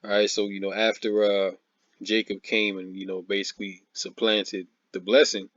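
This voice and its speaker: Mocking, laughing man with a low voice. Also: little pitch movement, normal speed, a bit bright, no echo, highs cut off. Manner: mocking, laughs often, repeats "man" and "all right"; reads scripture aloud. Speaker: religious commentator. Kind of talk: informal preaching commentary.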